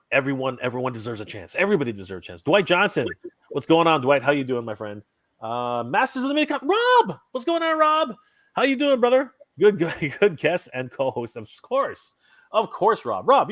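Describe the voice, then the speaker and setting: A Canadian man hosting a live stream in casual chat, reading out viewer comments and giving upbeat shout-outs. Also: mid-range voice, wildly swooping pitch, a little fast, no echo.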